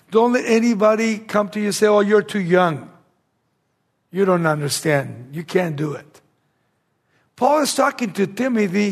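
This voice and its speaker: A man preaching a verse-by-verse sermon, reading scripture slowly and repeating key words for emphasis. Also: sits high, gravelly.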